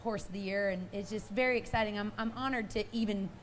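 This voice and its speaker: A woman who is out of breath, chatting excitedly as a guest in a live stage interview. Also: medium pitch, quick pace, a little hiss or hum. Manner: bubbly and excited. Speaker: guest, barrel racer.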